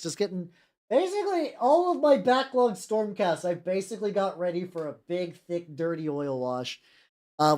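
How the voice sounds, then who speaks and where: A young woman streams while painting miniatures and talks in a loose, rambling way, full of swearing and stammered restarts. Her voice sits on the low side but swings widely in pitch as she chats. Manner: rambling, profane, self-interrupting with stammered restarts. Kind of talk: casual livestream chat.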